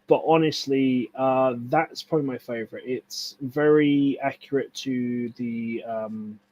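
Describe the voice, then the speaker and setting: A young man talks in loose, rambling casual chat. He swears freely and gets enthusiastic, his voice sitting at a middling pitch. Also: fairly even intonation, unhurried, a little mellow. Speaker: stream co-host.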